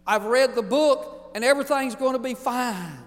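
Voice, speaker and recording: A man's voice: very high-pitched, moderate pace, in a large hall, voice pushed up. A man voicing a small boy who eagerly reassures crying children. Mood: reassuring.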